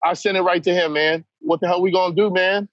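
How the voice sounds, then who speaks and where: A man's voice: high voice, steady tone, a little fast, fairly bright tone, no room sound, dull audio. A man talking as a podcast guest, blunt and emphatic, who keeps saying "man" as he talks. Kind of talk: candid conversation.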